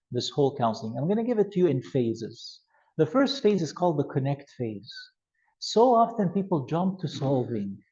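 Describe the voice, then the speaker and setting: A man teaching a youth ministry class, animated and acting out scenarios with changes in his voice. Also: fairly high pitch, highs cut off. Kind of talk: classroom lecture with role-play examples.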